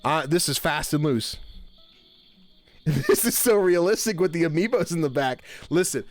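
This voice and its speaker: High-voiced folksy streamer man. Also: expressive, normal speed, faint music behind. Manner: folksy camp-counselor persona, drawling "y'all". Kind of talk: casual live-stream chat. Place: home streaming room with blanket-draped backdrop.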